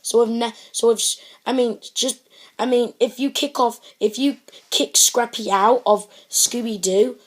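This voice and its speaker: A woman's voice: on the high side, steady tone, a little slow. A woman giving a casual online movie review, earnest and impassioned, who rambles and restarts her sentences often.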